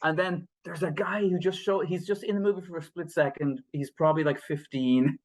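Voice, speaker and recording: A man's voice: a little high, steady tone, fairly quick. A man co-hosting a podcast, talking casually about films, rambling with many fillers and restarts and laughing often. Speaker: podcast co-host. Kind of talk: casual film review chat.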